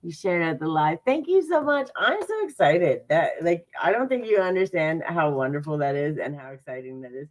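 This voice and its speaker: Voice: medium pitch, very animated, moderate pace, hardly any pauses, poor audio. A spiritual card reader in a casual livestream reading. The speaker is chatty and upbeat and makes sarcastic, self-mocking asides.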